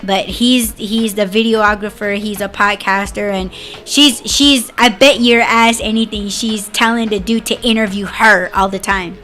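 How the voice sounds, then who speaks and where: A woman's voice: medium pitch, fairly even intonation, measured pace, fairly bright tone, faint music behind. A woman podcast host ranting in a casual, profane, sarcastic monologue and often breaking into laughter.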